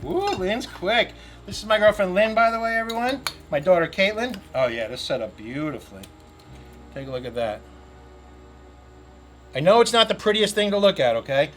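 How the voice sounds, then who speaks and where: A man's voice: high-pitched, lively intonation, moderate pace, long pauses, faint music behind. A middle-aged man hosting a grill cooking video outdoors, chatting upbeat and joking to camera. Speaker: grill cooking show host. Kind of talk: casual cooking demo to camera.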